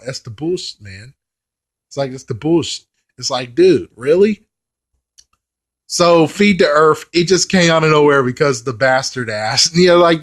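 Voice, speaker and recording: A man with a somewhat high voice rants about films in a loose, casual vlog style. He talks with exasperation and swears freely as he picks apart what bugs him. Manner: profane, exasperated ranting. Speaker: movie commentary vlogger. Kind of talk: casual ranting movie review.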